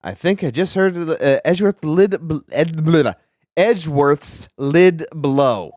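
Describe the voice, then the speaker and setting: A man's voice: on the high side, measured pace, darkish tone, dry recording. A man streaming a video game, casually joking and reacting aloud. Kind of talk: game let's play commentary.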